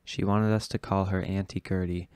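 A man reading a novel aloud in a steady, low-key way. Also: moderate pace, clear, resonant tone, no room sound, clean studio sound. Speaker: audiobook reader.

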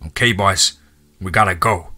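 A man's voice: low voice, moderate pace, bright, forceful tone, faint music behind, full character voice. A man voicing an adult male hunter who leads under threat and gives urgent, commanding orders. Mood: tense.

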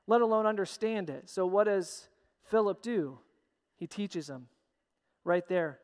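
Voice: medium pitch, darkish tone. A pastor preaching a sermon with emphatic, repeated phrases, recorded in a church sanctuary. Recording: long church hall reverb.

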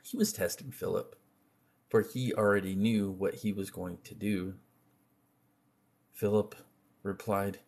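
Slow, husky male reader of scripture; low voice, measured delivery. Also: steady tone, a little mellow. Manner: slow and measured, with slips and restarts. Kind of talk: unhurried reading of scripture.

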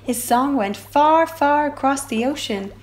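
A woman reading a children's picture book aloud for a library storytime, with expressive sound effects. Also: high voice, unhurried, a little hiss or hum.

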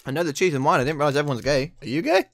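A man's voice: on the high side, lively intonation, racing, no room sound. Playful man on a webcam chat. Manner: joking, playful, jumps into impressions. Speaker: video chat host. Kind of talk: casual video chat. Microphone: webcam video call.

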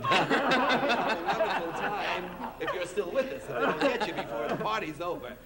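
A man doing a brash stand-up comedy routine on a 1960s TV variety show, slipping into mock accents. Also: a little high.

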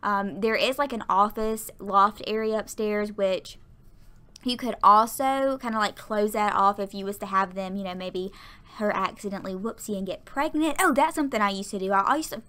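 A woman's voice: medium pitch, moderate pace, pushed and bright, smooth. Chatty woman rambling. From American South. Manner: chatty, rambling, stumbles over words. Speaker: Sims YouTuber. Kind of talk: casual gameplay voiceover. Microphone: home voiceover mic.

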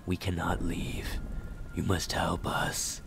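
A man voicing a chorus of mournful, trapped ghosts who plead in breathy, echoing tones. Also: low voice, completely flat delivery, slow pace, music in the background, full character voice.

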